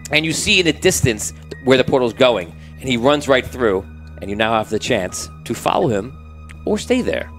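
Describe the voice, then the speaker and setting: A man's voice: mid-range voice, expressive, normal speed, a bit bright, faint music behind, low-quality recording. A man narrating as game master of a tabletop game, setting scenes cinematically and rambling with restarts and fillers.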